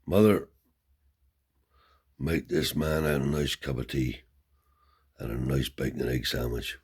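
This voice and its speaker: A man voicing a generous, bossy old bearded grandfather who fires off brisk questions. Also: a bass voice, steady tone, husky, heavily acted. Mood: commanding.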